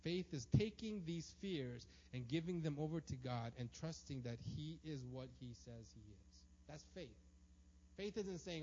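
A man's voice: fairly high pitch, expressive, unhurried, a little mellow. A man preaching a sermon, emphatic and acting out the prayers and voices he quotes. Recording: dull lo-fi sound.

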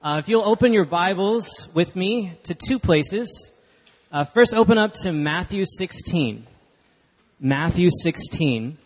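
A man's voice: sits high, a little slow. A man from Texas, preaching a sermon as guest speaker, chatty and emphatic with the congregation. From Dallas, Texas. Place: church hall. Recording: long hall reverb.

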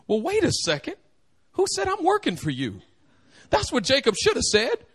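A man preaching a sermon, animated and joking, acting out the quotes. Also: extremely high pitch, normal speed. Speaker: pastor.

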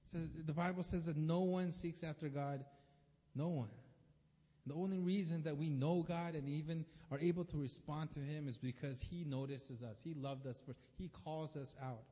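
A man's voice: on the high side, steady tone, normal speed, warm tone. A man preaching a sermon in a casual, conversational way, with plenty of fillers. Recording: dull, lo-fi sound with long reverb.

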